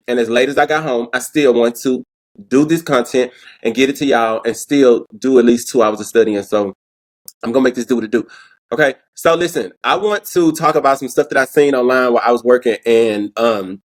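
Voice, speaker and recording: A man's voice: on the high side, fairly bright tone. A man hosting his own commentary vlog. He talks casually and animatedly, laughs often and repeats words as he goes. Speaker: show host.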